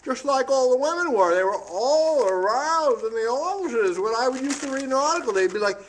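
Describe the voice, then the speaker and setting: A comedian doing a tribute impression plays a scatterbrained, boastful old newspaperman in a comic monologue, rambling off topic, losing his place and stammering over his words. His voice is very high-pitched with lively intonation at normal speed, and a little hiss or hum is audible.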